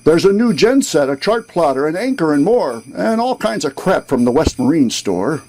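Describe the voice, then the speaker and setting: A man voicing a drunken, boastful old Santa figure on a boat, loud and jovial in a comic rhyming poem. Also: fairly high pitch, sing-song, moderate pace. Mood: boozy, jolly.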